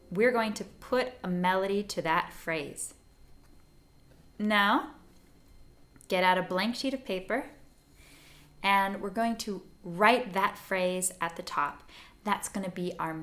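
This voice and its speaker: Her voice is medium-pitched and fairly bright as she teaches songwriting to learners in a gentle, step-by-step way. Patient and encouraging, she sings brief phrases to show how a melody goes.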